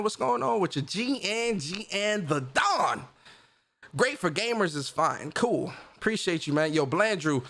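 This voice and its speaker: A man's voice: fairly high pitch, fairly bright tone. A male livestream host chatting casually in slangy talk, laughing often.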